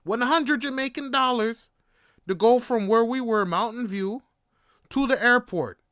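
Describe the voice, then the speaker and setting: A man's voice: extremely high pitch, measured pace, fairly bright tone, smooth, no room sound, studio quality. A young man from Canada hosting a podcast, talking in a laid-back, rambling way full of fillers and swearing. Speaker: podcast host. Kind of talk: casual monologue.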